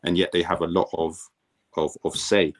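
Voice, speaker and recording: A man with a very low, deep voice talks easily as a podcast guest, a former pro footballer looking back on his playing days. He tells his stories in a relaxed, conversational way and often doubles up words when he starts a sentence. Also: moderate pace. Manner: relaxed storytelling, repeats words as he restarts. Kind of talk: casual podcast chat.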